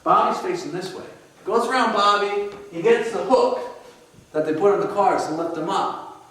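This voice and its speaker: A man preaching a sermon as pastor, telling a story in an animated way and acting out the scenes. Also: sits high, normal speed. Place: church sanctuary. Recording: echoey church hall from far off.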